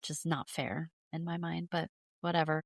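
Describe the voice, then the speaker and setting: Woman, podcast co-host, casual chat, lowish voice, dry recording, blunt. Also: steady tone, normal speed, creaky, no room sound. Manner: frequent agreeing interjections, blunt opinions.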